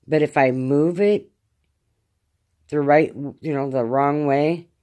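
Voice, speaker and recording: A middle-aged woman at home, in pain after arm surgery, rambling through a casual spoken diary with many halting fillers. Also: deep voice, fairly even intonation, dark tone. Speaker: vlogger.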